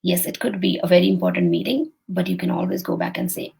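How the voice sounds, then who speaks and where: A woman's voice: on the low side, steady tone, quick pace, gravelly, a little mellow, breathy edge, low-quality recording. A woman hosting a motivational live stream, speaking directly and encouragingly to her viewers as a coach. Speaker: host and coach.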